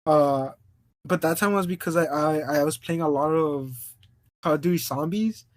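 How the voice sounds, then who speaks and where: A man with a slightly high voice speaks at normal speed as a podcast co-host. Chatting casually, he wanders through a story, restarting clumsily and laughing often.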